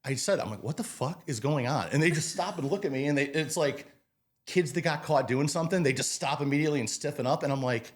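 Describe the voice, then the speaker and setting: A man in his twenties, a restaurant manager as a podcast guest, telling work stories in a casual, animated way and acting out what people said. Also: a little high, fast talker. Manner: animated storyteller, acts out quotes, swears casually. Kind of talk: casual interview storytelling.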